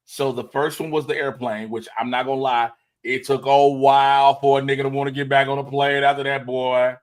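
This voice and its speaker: Man host, casual stream chat, animated storyteller who voices the people in his stories, mid pitch. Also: brisk. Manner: animated storyteller, acts out quoted dialogue.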